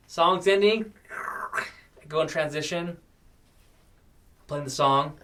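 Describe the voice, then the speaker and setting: Animated young man telling a story. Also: a little high, takes it slowly, long pauses. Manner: animated, excitable storyteller, says "dude" often, swings loud and soft. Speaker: podcast co-host. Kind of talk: casual storytelling chat.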